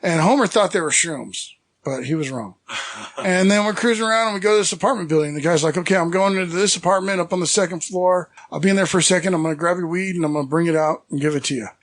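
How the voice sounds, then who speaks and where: High-voiced man telling rambling stories. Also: quick pace, fairly bright tone. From San Francisco Bay Area. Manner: rambling, self-deprecating, acts out quotes. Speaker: podcast guest. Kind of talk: casual storytelling.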